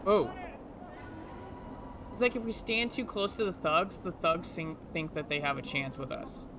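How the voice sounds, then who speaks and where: A man's voice: a little high, lively intonation, a little slow, noisy background. A man hosting a let's play, chatting casually and reading game text aloud. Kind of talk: casual gameplay commentary.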